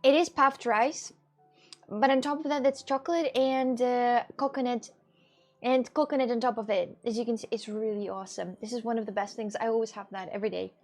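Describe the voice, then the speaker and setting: A woman's voice: fairly high pitch, steady tone, brisk, darkish tone, faint music behind. A young woman streamer chatting casually to her viewers, rambling and giggling often. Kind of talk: casual chat.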